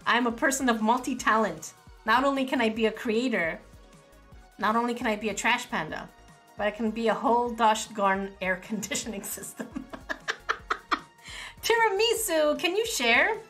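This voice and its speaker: A woman streaming a game live with her viewers, excitable and giggly, full of exclamations. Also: mid-range voice. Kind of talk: casual live gaming commentary.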